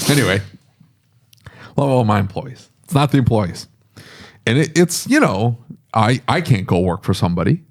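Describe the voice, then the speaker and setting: A man's voice: medium pitch, unhurried, pauses often. Man, middle-aged, shop owner, casual podcast chat, rambling, swoops up and down. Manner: rambling, animated storytelling with laughs.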